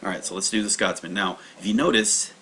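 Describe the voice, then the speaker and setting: On a livestream, a male language teacher leads a kanji study lesson, rambling casually with plenty of fillers and restarts. His low voice is fast, bright, and forceful, with slight background noise.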